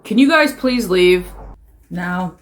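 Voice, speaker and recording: Weary, patient police officer, a woman acting, flat and firm. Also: on the low side, slow pace, a little hiss or hum, pitched below the performer's own voice. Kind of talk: comedy skit acting.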